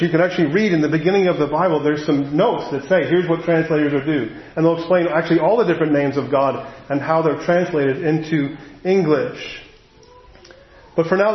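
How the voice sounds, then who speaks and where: Chatty preacher in an echoey room. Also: male voice, fairly high pitch. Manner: conversational and animated, with asides and chuckles. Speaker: pastor. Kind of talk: sermon. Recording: echoey room, dull lo-fi sound.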